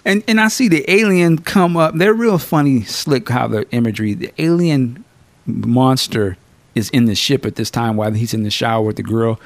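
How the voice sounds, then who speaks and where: A man's voice: a little high, no echo. Slangy man hosting a podcast. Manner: slangy and profane, animated storytelling. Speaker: podcast host. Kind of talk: casual film review chat.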